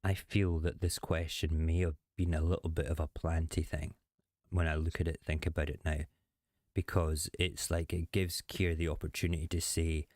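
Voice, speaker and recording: Deep-voiced, sarcastic host. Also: male voice, fairly even intonation, brisk, a little mellow, dry recording, clean studio sound. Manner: chatty, rambling, sarcastic. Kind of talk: casual political commentary.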